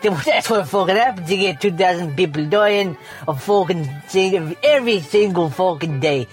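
A man's voice: high voice, normal speed, faint music behind, natural voice. A man voicing Seamus, a foul-mouthed grumpy man ranting through a profane comedic news roundup. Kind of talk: comedic character rant.

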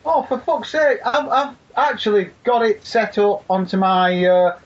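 High pitched lancashire guy cursing nonstop, sounds lo-fi like a laptop mic. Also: animated, unhurried. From Leigh, near Wigan, England. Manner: swears constantly, flustered and rambling. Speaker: podcast guest. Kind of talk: casual chat on a podcast. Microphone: laptop internal mic.

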